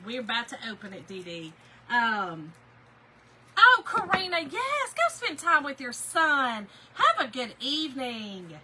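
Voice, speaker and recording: A woman's voice: high voice, heavy background noise. A woman hosting a chatty live stream, greeting viewers by name, laughing easily and getting emotional.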